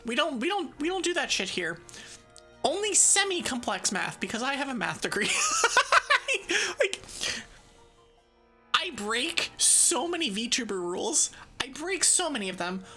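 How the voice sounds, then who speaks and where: A woman's voice: high voice, big pitch swings, moderate pace, bright, forceful tone, soft background music. A woman streaming live and chatting casually with her viewers. She is bubbly and jokey, with a sarcastic edge, and laughs often. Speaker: VTuber streamer.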